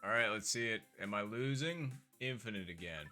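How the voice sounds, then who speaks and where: A man's voice: fairly low pitch, fast talker, few pauses, sharp tone, soft background music. A man streaming live, chatting casually and rambling with fillers while he plays a game. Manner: rambling, chatty, with frequent fillers and self-asides.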